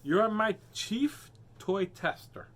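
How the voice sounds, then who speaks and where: A man voicing a kindly toy-maker uncle in a storybook, speaking slowly and grandly in a funny put-on accent. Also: sits high, lively intonation, fairly bright tone, pitched above the performer's own voice, heavily acted. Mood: proud.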